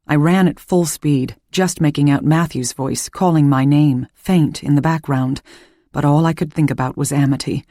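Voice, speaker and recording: A woman reading a first-person suspense audiobook in a measured, calm storytelling voice. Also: low voice, no room sound, clean studio sound. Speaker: audiobook narrator.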